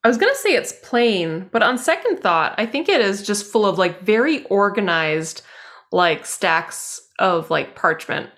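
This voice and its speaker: A woman player in a tabletop game who thinks aloud slowly and leans on "like" while she works out her answer. Her voice sits at a mid pitch. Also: very animated, fairly bright tone. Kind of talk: casual chat in a tabletop game.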